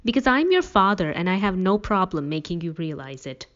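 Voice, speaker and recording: A woman reading the part of a stern middle-aged father who snaps and yells at his kids. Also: lowish voice, very animated, fairly quick, dull audio. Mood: angry. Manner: loud, snapping, exasperated.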